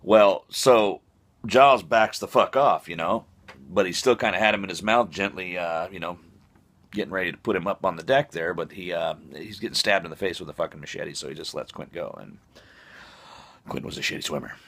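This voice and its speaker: A man's voice: low voice, brisk, a bit bright. A man telling a comic, profane, rambling story full of fillers. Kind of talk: comic monologue.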